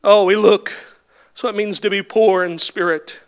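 A male preacher delivering a sermon, swelling into shouted, repeated refrains and then dropping back to quiet, questioning speech. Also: high-pitched, fairly even intonation, normal speed, clean tone. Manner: builds to impassioned shouted climaxes, then drops to quiet.

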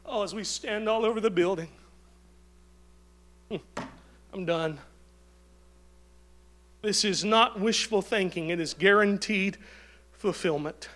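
Male preacher, sermon, fervent and shouting, notably high and bright. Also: takes it slowly, pauses often. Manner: fervent, exclaiming hallelujah, rising to shouts.

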